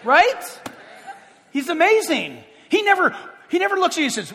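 A man preaching with a high, bright-pitched voice that swoops up and down all the time. He is animated and playful, slipping into quick jokes and acted-out exchanges. His voice rings out with the long echo of a large hall. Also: gravelly, slight background noise. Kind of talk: sermon.

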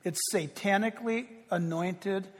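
A man preaching a sermon, emphatic, swinging from loud declarations to hushed, quiet passages. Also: high voice, unhurried, crowd noise. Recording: long hall reverb.

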